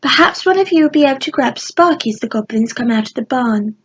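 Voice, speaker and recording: A woman's voice: high-pitched, expressive, fast, husky, dull audio. A sweet playful fairy girl, read by a woman. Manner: whispering, sweet.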